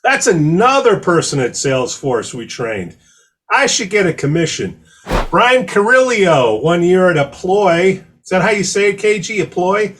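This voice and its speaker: A man co-hosting a podcast, teasing and joking with quick asides. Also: high-pitched, big pitch swings, a bit bright. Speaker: podcast co-host. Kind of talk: casual podcast chat.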